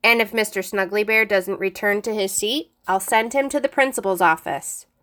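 A woman's voice: mid-range voice, moderate pace, pushed and bright, close to an everyday voice. A woman voicing a smug male middle-school teacher who mocks a student in a theatrical, teasing way. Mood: mocking.

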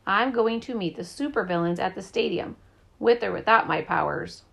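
A woman voicing an earnest, stubborn superhero father who speaks gravely and booms his declarations. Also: normal speed, lightly acted. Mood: determined. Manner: grave, declaring, booming at times.

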